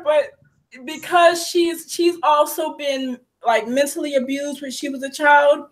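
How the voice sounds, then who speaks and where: A young woman with a high voice speaks through tears in a heartfelt personal conversation. Her voice keeps breaking as she talks, yet she keeps going. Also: level tone, a little slow, rough recording. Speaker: host.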